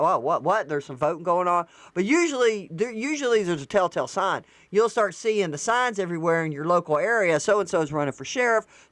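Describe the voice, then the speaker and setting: A woman hosts a casual solo commentary, thinking out loud as she goes. She doubles back and fixes her sentences all the time. Her voice sits in a middle pitch, and the recording is dry and close. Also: no room sound. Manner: rambling and conversational, with frequent restarts and self-corrections. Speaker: show host.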